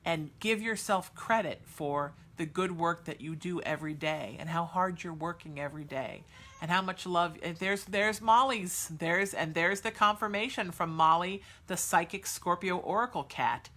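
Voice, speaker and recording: Speaking at a normal pace in a lowish, sharp-toned voice, a woman gives live psychic readings to her chat viewers on a podcast she hosts. She's chatty and full of fillers, yet soothing and reassuring, and she calls listeners sweetheart.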